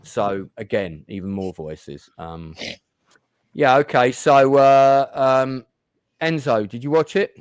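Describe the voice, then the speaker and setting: Host type: man, mid pitch, dry close sound, halting delivery with lots of ums. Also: clear, resonant tone, dry recording. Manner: hesitant, many fillers and restarts. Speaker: chat show host. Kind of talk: casual review chat.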